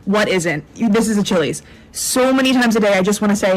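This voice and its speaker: A restaurant server in a casual rant, listing customer complaints sarcastically and deadpan. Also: medium pitch, a little fast, rough recording. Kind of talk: casual ranting vlog.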